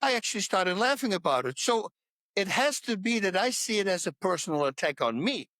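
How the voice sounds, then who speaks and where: A man's voice: sits high, big pitch swings, fairly quick, bright, forceful tone, no room sound. A man talking as a podcast guest in a casual interview about faith, pressing his points home with repetition. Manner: emphatic, repeats points to hammer them home.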